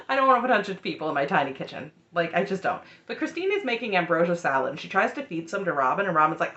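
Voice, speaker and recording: A woman's voice: on the low side, big pitch swings, fairly quick, bright, forceful tone, reverberant, highs cut off. A woman giving an opinionated, sarcastic recap of a reality show in a chatty, heated way. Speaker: recap host.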